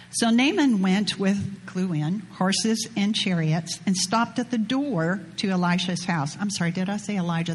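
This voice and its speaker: A woman with a husky, slightly breathy voice delivers a relaxed sermon. She retells the scripture story in a chatty, conversational way, dropping slang asides as she goes. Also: medium pitch. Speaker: preacher. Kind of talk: informal sermon with scripture reading.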